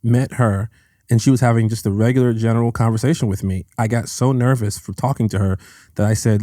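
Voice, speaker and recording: A man who is a guest on a podcast, telling animated, self-mocking stories in casual chat. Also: medium pitch, brisk, dry recording, clean studio sound. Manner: animated, self-deprecating storyteller. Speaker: guest actor.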